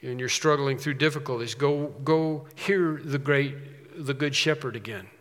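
A man preaching a sermon as pastor, swelling to loud, slowed emphasis on key phrases and dropping back to a quieter tone. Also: mid-range voice, big-room sound.

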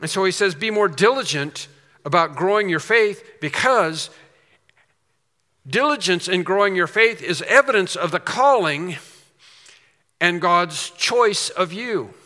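A man's voice: sits high, expressive, unhurried, pushed and bright, in a large hall. A man preaching a sermon as a pastor, earnest and emphatic, with storytelling asides.

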